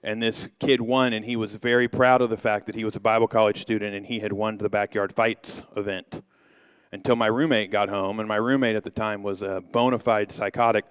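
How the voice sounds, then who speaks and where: A middle-aged male pastor with a smooth, resonant voice, recorded close and dry. He spins a humorous anecdote from the pulpit in a relaxed, rambling way, full of asides. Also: lowish voice, brisk, no echo. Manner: humorous, anecdotal, loose with fillers. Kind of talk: storytelling sermon.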